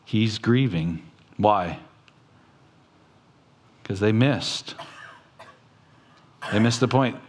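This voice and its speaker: In his sermon, a male pastor takes a slow pace, quoting scripture and addressing the congregation in plain terms. Every so often his voice rises sharply in pitch.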